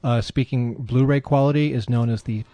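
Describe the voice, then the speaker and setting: A man calmly sharing film facts in a casual group commentary. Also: medium pitch, normal speed, no echo.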